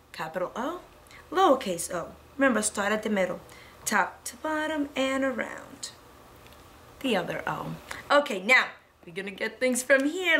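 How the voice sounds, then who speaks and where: A woman's voice: a little high, pushed and bright. Cheerful preschool teacher woman. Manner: cheerful, sing-song, talks to children. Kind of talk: lively lesson for young children.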